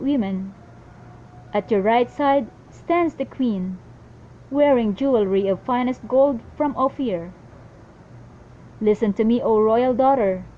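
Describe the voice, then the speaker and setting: A woman reading a daily Bible passage aloud in a steady devotional style, with small slips and restarts. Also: fairly high pitch, highs cut off, a little hiss or hum. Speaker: Bible reader.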